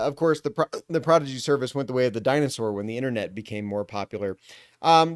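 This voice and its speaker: A man in his forties streaming casually from his computer, rambling with fillers and frequent throat clearing, slightly hiccupy. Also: medium pitch, dry recording, studio quality. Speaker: live streamer. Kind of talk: casual live stream commentary.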